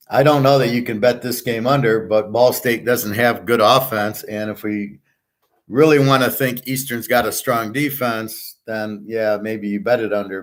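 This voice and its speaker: Male betting-show host, mid pitch, casual profane rambler giving picks.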